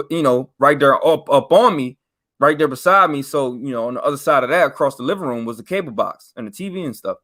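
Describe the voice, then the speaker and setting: A young man casually telling a story on a podcast, animated and slangy, rising in pitch and volume when he stresses a point.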